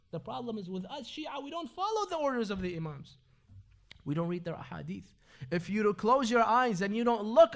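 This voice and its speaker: A man. He swings between loud, pleading peaks and low, earnest stretches, quoting scripture with feeling. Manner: dramatic, shifting from loud pleading to low earnest tones, quotes Arabic scripture. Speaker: preacher. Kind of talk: sermon.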